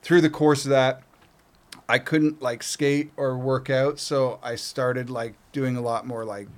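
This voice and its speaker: This unhurried, steady voice belongs to a middle-aged Canadian man with a mid-range pitch. As a podcast guest, he tells casual stories, swears without restraint, and acts out others' lines.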